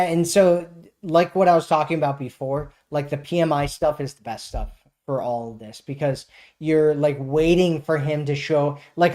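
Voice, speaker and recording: A man's voice: on the high side, a little mellow. A man hosting a casual live stream as a dating coach, answering chat questions in a loose, filler-heavy way and often tagging on "right?".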